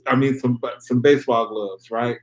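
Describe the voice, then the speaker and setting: A man's voice: mid-range voice, steady tone, normal speed. A middle-aged man chatting casually and telling a funny family story with lots of "child" and "honey". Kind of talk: casual chat.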